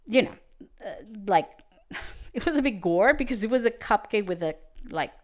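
A woman's voice: mid-range voice, lively intonation, moderate pace. A woman hosting a podcast as a business coach, giving advice in a chatty storytelling manner. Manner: chatty, storytelling, restarts and fillers. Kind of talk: casual podcast monologue.

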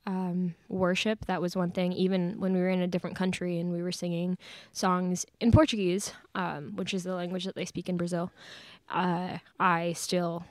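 A woman's voice: lowish voice, level tone, normal speed, hardly any pauses, dry recording. A woman in her late teens, a podcast guest, chatting casually with lots of fillers and laughs. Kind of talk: casual chat. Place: church studio.

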